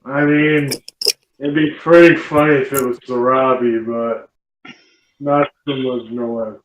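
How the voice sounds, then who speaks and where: A man's voice: mid-range voice, steady tone, measured pace. A man playing a tabletop role-playing game, making short dry remarks. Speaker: player. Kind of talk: tabletop role-play chat. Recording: echoey, dull, slightly noisy mic.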